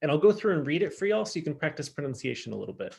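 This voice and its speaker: A man teaching a casual online French class, chatty and upbeat, slowing down to model pronunciation. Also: fairly high pitch, big pitch swings, gravelly, darkish tone, breathy edge. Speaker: high school French teacher.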